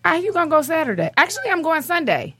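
A woman's voice: extremely high pitch, very animated, quick pace, bright, forceful tone. A woman chatting casually with friends, talking bluntly with swearing and frequent laughs. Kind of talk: casual chat.

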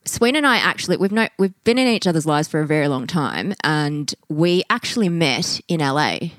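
Woman, podcast host, low voice, chatty, upbeat, dry close sound. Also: expressive, normal speed, fairly bright tone, no echo. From Australia. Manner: chatty, upbeat, laughs often. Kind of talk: casual interview chat.

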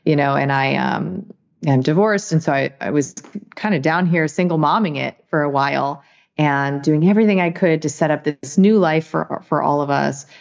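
Reflective woman with a low voice. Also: moderate pace, gravelly, muffled recording. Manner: reflective, earnest, with frequent "you know" and "right". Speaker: guest, author. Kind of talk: casual interview talk.

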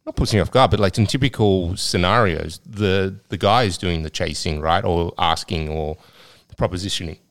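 A man's voice: deep voice, moderate pace, fairly bright tone. A man co-hosting a podcast, talking loosely in casual chat with lots of fillers. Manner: loose, rambling with many fillers. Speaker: podcast co-host.

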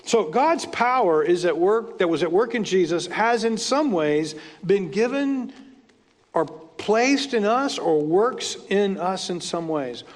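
A man's voice: high voice, expressive, slow. A man preaching a sermon as a pastor, speaking conversationally and retelling scripture stories with casual asides. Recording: long hall reverb.

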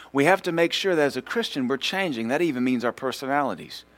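A male pastor delivering a Sunday sermon in a church, his voice at an ordinary middle pitch. He drives his points home with emphatic, rhythmic repetition and a teasing edge. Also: lively intonation, fast, a bit bright. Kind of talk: preaching a sermon.

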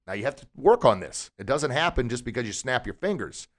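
Speaking a little fast at medium pitch, a man gives an upbeat motivational talk on his podcast. He draws on his role as a martial arts instructor and poses many rhetorical questions to the audience.

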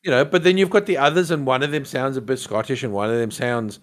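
A man's voice: medium pitch, fast. A man in casual chat on a podcast, talking animatedly with many fillers and restarts.

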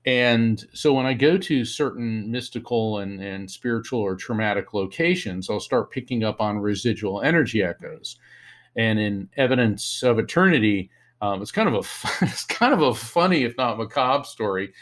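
A man, a psychic medium and author, telling an animated story as an interview guest and acting out the lines of the people in it. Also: on the low side, normal speed. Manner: animated storyteller, acts out quotes in raised voice.

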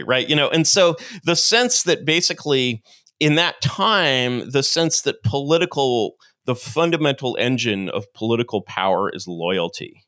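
A middle-aged man, a podcast guest, explains his ideas at length in an animated, lecturing way and acts out quotes as he goes. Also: mid-range voice, moderate pace, clean tone, dry recording, clean studio sound. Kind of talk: long-form interview monologue.

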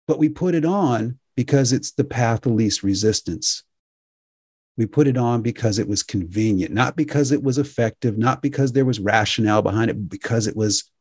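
A man's voice: mid-range voice, a little mellow, dry recording, studio quality. A middle-aged man hosting a radio show, talking casually and with indignation, often tossing in "right?". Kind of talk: casual monologue.

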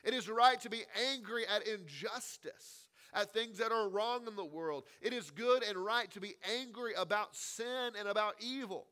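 A man's voice: sits high, moderate pace, few pauses, sharp tone. A man preaching a sermon as pastor, stressing his points and repeating key phrases.

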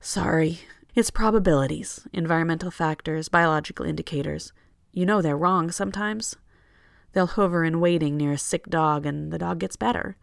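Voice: mid-range voice, normal speed, gravelly, no room sound, clean studio sound, natural voice. A reader voicing a nervous, apologetic young woman who speaks hesitantly. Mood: rueful.

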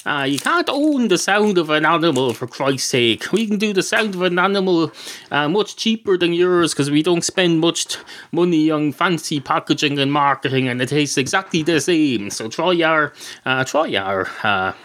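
Irish man playing a pushy discount-brand salesman making his pitch. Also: expressive, moderate pace, fairly bright tone. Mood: salesy. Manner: salesy, mock-indignant.

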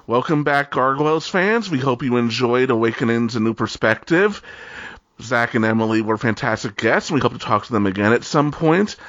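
A man's voice: medium pitch, lively intonation, moderate pace, fairly bright tone, no echo. Man hosting a podcast, dry slightly dull audio. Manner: friendly, announcing guests. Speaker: podcast host. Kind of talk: podcast introduction.

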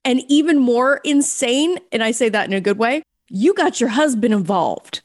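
A woman's voice: fairly high pitch, lively intonation, moderate pace, no echo, clean studio sound. Effusive American woman podcast host. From United States. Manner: effusive, emphatic, self-described nasal voice. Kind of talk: podcast interview.

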